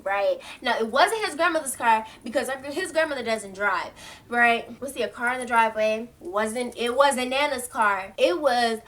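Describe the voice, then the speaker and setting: Bright, animated young woman telling a story. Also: fairly high pitch, normal speed. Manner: animated, slangy, laughs often, acts out quotes. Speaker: storytime vlogger. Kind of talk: casual storytelling to camera.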